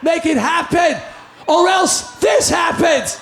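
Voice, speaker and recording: Shouting man telling a story on stage. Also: extremely high pitch, takes it slowly, creaky, reverberant, crowd noise, background noise.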